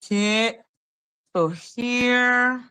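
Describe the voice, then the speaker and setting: A woman with a slightly high, bright, pushed voice speaks extremely slowly in a clean tone. She's hosting a casual livestream, reading court documents aloud, muttering as she goes, and chatting and bantering with her chat.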